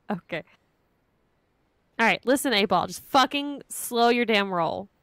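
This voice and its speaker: A woman's voice: fairly high pitch, lively intonation, slow pace, fairly bright tone, dry recording, clean studio sound. A woman co-hosting a live game stream, teasing her partner and swearing freely in casual chat. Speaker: co-host watching the game.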